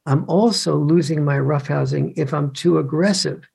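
An older man, an author appearing as a guest, explains things conversationally in a gravelly, husky, slightly mellow voice that's fairly high in pitch. He speaks at a moderate pace, hesitantly, restarting often and acting out scenes.

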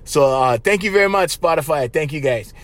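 Hawaiian pidgin guy hosting his podcast, high bouncy voice, laughs a lot, says bro every other line, dry close sound. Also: animated, fairly quick, a bit bright, dry recording. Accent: Hawaiian Pidgin-influenced English. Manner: laughs often, repeats himself, says "bro" constantly. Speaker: podcast host. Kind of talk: casual podcast monologue.

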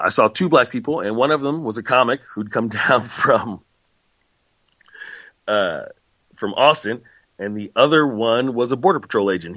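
A man's voice: lowish voice, a bit bright, no room sound. Rambling man telling road stories, lo-fi. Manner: rambling storyteller, loose and chatty, self-correcting. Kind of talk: casual monologue. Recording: dull lo-fi sound.

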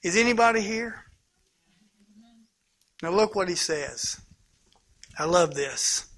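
High, bright-voiced preacher. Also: male voice, lively intonation, slow. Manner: impassioned preaching that swings from loud to hushed. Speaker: pastor. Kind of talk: sermon.

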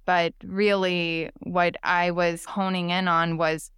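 A woman hosts a podcast in a lowish, very crisp and resonant voice. She speaks in a measured, thoughtful way and gently encourages her guest. The sound is dry and close. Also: level tone, dry recording. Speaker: podcast host. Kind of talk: conversational podcast chat.

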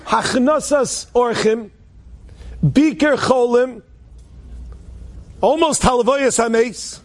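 A man's voice: very high-pitched, slow pace, a little hiss or hum. A man telling an inspirational story in a conversational way, restarting sentences often and dropping in Hebrew and Yiddish words.

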